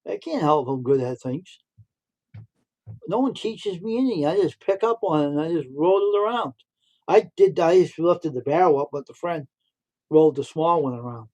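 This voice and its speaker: A man's voice: a little high, lively intonation, normal speed, mellow, lo-fi sound. Rambling man telling stories on a livestream. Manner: rambling, repeats himself. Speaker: livestream host. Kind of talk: casual storytelling.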